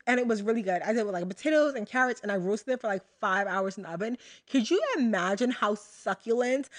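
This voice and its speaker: A young American woman hosting her own podcast, talking casually and chattily to her listeners with lots of fillers and asides. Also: mid-range voice. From United States. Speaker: podcast host. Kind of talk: casual solo podcast talk.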